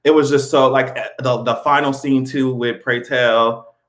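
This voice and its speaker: A man talking in a casual commentary vlog, animated, swearing freely and laughing often. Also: medium pitch, a little slow. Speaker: vlogger.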